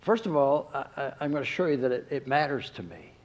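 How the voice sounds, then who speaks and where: A man preaching a sermon, who drops to a soft hush when he quotes. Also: medium pitch, big pitch swings, a little fast, low-quality recording. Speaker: pastor.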